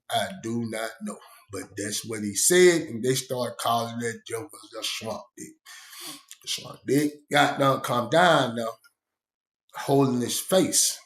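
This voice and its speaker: A man's voice: mid-range voice, roomy sound. A man telling a story in a rambling, profane, conversational monologue. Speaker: vlogger.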